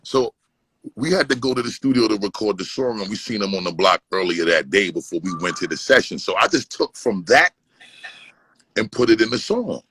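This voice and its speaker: A man from Brooklyn, telling animated, profane stories as a guest and slipping into impressions. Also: fairly low pitch, a little fast, slightly rough, no room sound, rough recording. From East Flatbush, Brooklyn, New York. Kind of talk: casual storytelling.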